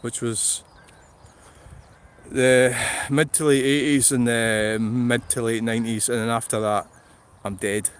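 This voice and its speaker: A man's voice: mid-range voice, fairly even intonation, a little slow, smooth. A middle-aged man with a Scottish accent, chatting bluntly and swearing on a rambling livestream from a field, laughing often. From Scotland. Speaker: vlogger. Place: outdoors in a field.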